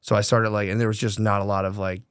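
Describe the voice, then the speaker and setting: A young man co-hosting a comedy podcast, telling stories in a loose, animated way and laughing often. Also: lowish voice, fast, clear, resonant tone, no room sound, studio quality. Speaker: podcast co-host. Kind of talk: casual comedy chat.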